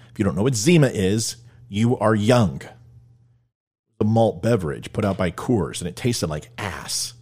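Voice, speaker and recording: A man's voice: medium pitch, a little mellow. A man hosting his own podcast in a blunt, rambling monologue full of tangents and self-mocking asides. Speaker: podcast host. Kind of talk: casual opinion monologue.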